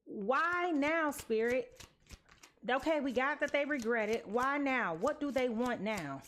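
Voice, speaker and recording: A woman's voice: sits high, lively intonation, unhurried, a bit bright, a little hiss or hum. A sleepy woman giving a casual tarot card reading, chatty and sassy, tossing in slang and pet names. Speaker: tarot reader.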